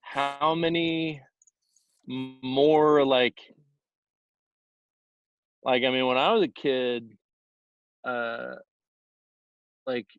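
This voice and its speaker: A man in his thirties from Houston, a high school teacher co-hosting a casual unscripted chat, rambling with lots of "like" and "I mean". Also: steady tone, drawn-out words, pauses often, lo-fi sound, faint music behind. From Houston, Texas. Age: 30s. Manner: rambling, many "like" and "I mean" fillers.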